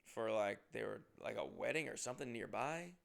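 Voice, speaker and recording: A comedian from Massachusetts telling a rambling, profane story in a casual way and acting out what people said. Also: male voice, on the low side, expressive, fairly quick, gravelly. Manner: rambling, profane, acts out quotes. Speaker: comedian and podcast host.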